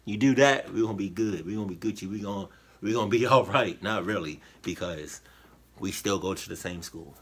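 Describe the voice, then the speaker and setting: A man hosting a reaction video, reacting in casual commentary with loud, animated exclamations and slang. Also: low voice, brisk, husky.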